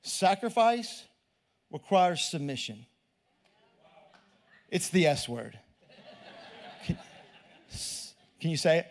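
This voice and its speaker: A man's voice: on the high side, big pitch swings, takes it slowly, long pauses. A middle-aged male pastor, preaching in a loose, conversational way that repeats words and asks the crowd questions. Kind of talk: preaching sermon.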